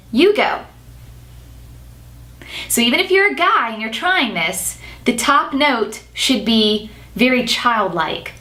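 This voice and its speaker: A woman's voice: a little high, a bit bright. A woman singing teacher explaining a nasal vocal exercise and demonstrating it in between her explanations.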